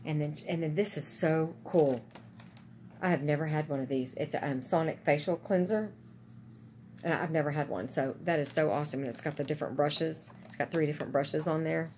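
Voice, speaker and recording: A woman's voice: deep voice, a little fast, a little mellow, a little hiss or hum. A woman chatting casually and gushing to her viewers about gifts she is unboxing. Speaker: vlogger.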